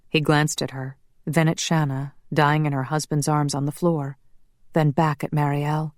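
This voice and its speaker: A woman narrating a paranormal romance audiobook in a measured, steady way. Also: deep voice, no room sound, studio quality.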